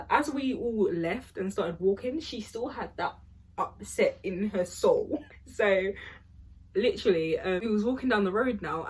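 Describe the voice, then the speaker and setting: A woman's voice: mid-range voice, darkish tone, husky. A young woman, telling a rambling storytime vlog full of fillers. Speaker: vlogger.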